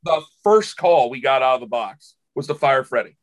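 A man's voice: medium pitch, lively intonation, moderate pace. A man who hosts a sports radio show, talking casually in a podcast conversation, telling emotional stories that ramble with many restarts.

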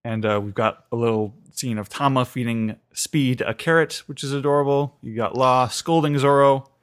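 A man with a middle-of-the-road pitch talks casually on a podcast, retelling an episode. He rambles through it with many fillers, restarts and asides. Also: steady tone, normal speed, smooth. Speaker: podcast co-host. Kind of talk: casual recap chat.

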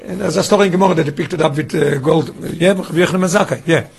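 A man leads a Torah study class in a high, husky voice. He keeps asking his listeners questions and starts phrases over as he works through the text. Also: very fast. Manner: questioning, restarts phrases, quizzes students. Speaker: teacher.

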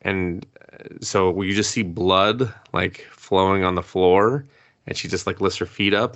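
Deep-voiced and unhurried, a man on a podcast casually recaps an anime episode over a dry recording. As co-host he swears freely, narrating in a lively, profane style and acting out the characters' lines.

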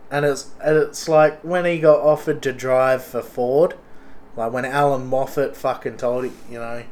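Young Aussie guy, thick accent, mid pitch, rambling sweary vlog monologue. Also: steady tone, a little slow, a little mellow, slight background noise. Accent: Australian. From Australia. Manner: sweary, rambling, blokey slang.

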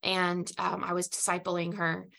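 Animated woman telling a personal story. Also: on the low side, measured pace, vocal fry. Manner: animated, acts out quoted dialogue. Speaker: podcast host. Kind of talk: personal storytelling in casual chat.

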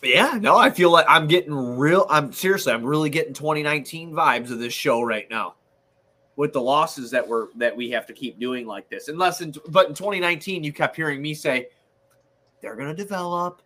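Sports host, male, bright crisp voice, swears freely, self-deprecating. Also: a little high, a little fast. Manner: profane, self-deprecating, animated venting. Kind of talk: casual sports chat.

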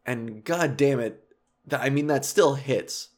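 A man's voice: medium pitch, measured pace. Rambling self-deprecating man in his thirties. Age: 30s. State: emotional, recently cried. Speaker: comedy podcast host. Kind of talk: confessional solo podcast monologue.

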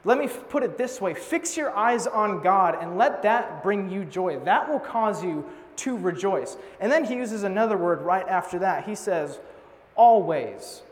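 A man's voice: sits high, moderate pace, hardly any pauses. A young man preaching a sermon in a casual, joking way, telling stories and teasing out a passage. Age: young adult. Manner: casual, joking, animated storytelling. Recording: long hall reverb.

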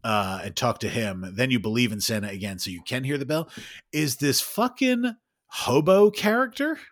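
A man in his thirties co-hosting a podcast, telling an animated, swearing story with lots of laughs. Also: mid-range voice, moderate pace. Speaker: podcast co-host. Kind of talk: casual chat.

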